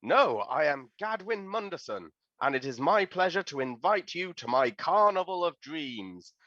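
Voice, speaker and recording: A man's voice: a little high, sing-song, a little slow, a bit bright, no room sound, exaggerated voice. A man voicing a tiny, very old male carnival host made of illusion, who talks in a polite, old-fashioned and enthusiastic way, recorded on a dull, slightly lo-fi mic. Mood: genteel.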